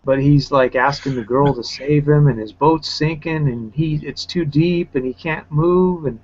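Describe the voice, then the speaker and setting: A man's voice: a little high, a little slow, a little mellow, a little hiss or hum. Teacher guy rambling thru a story on a video call, lots of likes and uhs, muffled sound. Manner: rambling, loose storyteller with many fillers. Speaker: teacher and round table panelist. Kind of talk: casual chat. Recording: slightly muffled online call audio.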